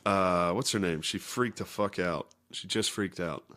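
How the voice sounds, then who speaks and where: A man's voice: a little slow, bright, forceful tone. A man co-hosting a podcast, chatting crudely and profanely and laughing a lot. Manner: profane, laughing, mocks others in shrill voices. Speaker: podcast co-host. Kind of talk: crude casual chat.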